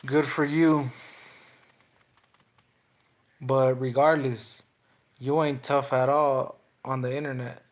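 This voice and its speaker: A man's voice: mid-range voice, level tone, unhurried. A young man, a boxer, taunting his livestream chat in slangy, repetitive trash talk.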